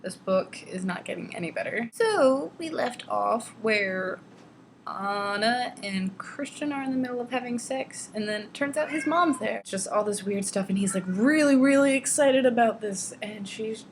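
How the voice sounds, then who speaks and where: A woman's voice: lively intonation, normal speed, slight background noise. Sarcastic young woman ranting about a book. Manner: sarcastic, exasperated, swears freely; jumps to squeaky high pitch when mocking quotes. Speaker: vlogger reading a novel. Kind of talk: casual ranting book commentary.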